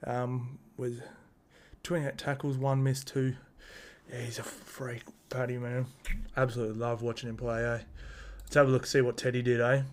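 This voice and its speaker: A man's voice: medium pitch, little pitch movement, normal speed. An Australian man hosting a casual sports review, talking in a blunt, slangy, heated rant. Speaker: sports podcast host.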